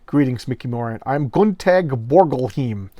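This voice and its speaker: A man's voice: medium pitch, expressive, normal speed, dark tone, dry recording, lightly acted. A man reading as a pompous, grandiose scientist. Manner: pompous, declaiming. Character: grandiose male scientist giving a godlike gift.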